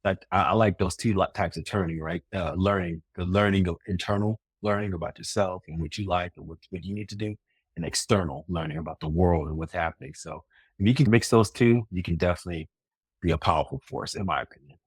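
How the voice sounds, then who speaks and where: A man's voice: sits low, fast talker, breathy edge, no room sound, studio quality. A man co-hosting a podcast in casual chat, reflective and rambling, laughing often. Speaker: podcast co-host.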